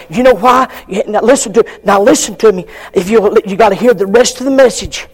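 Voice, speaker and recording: An older man preaching a fiery sermon, shouting at times and acting out members of the congregation. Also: high-pitched, fairly quick, slightly rough.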